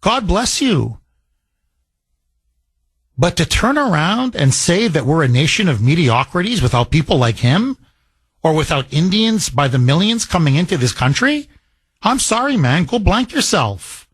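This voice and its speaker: A man's voice: fairly high pitch, very animated, a little slow, slightly rough. A middle-aged man from Canada hosting a talk radio show, delivering an emotional, heated monologue.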